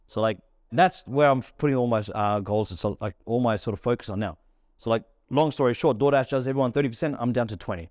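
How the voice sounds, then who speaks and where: A man's voice: medium pitch, no room sound, clean studio sound. A man, a restaurant founder, telling stories in a casual podcast interview and acting out bits of dialogue. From Australia. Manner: rapid, animated storytelling with acted-out dialogue.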